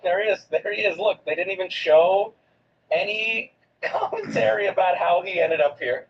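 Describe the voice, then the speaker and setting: A man commenting casually on a video during his stream, swinging between loud outbursts and low asides. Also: normal speed. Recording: dull lo-fi stream audio with steady background noise.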